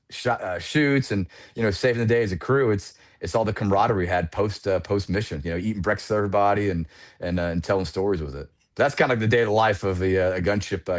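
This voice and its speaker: A man in his forties, a retired Air Force pilot, telling war stories casually as a podcast guest, animated and full of "you know" fillers. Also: on the low side.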